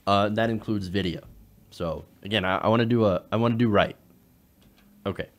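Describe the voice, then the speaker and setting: A man hosting a political commentary show, talking in an animated way with frequent fillers and restarts. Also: fairly low pitch, brisk.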